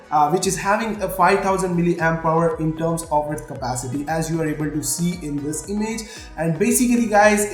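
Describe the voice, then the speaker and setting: A man's voice: high voice, far from the mic. A man hosting a tech channel, running through phone rumors in a wordy way, with many fillers and asides to the audience. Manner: wordy, filler-heavy, keeps addressing the audience as guys. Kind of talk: tech rumor rundown with sponsor read. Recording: echoey room with faint music.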